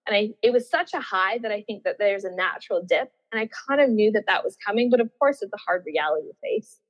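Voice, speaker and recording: Talking quickly in a medium-pitched voice, an Australian woman who once competed at the Olympics shares her experience as a guest in a relaxed storytelling interview. Chatty and laughing, she slips into her younger self's excited tone; the sound is dull and muffled with long, trailing reverb.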